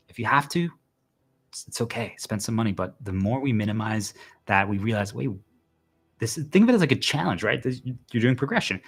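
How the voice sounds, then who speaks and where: A man talking casually to the camera in a rambling, animated way, now and then bursting into loud exclamations. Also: on the low side. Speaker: video host. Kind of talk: casual monologue.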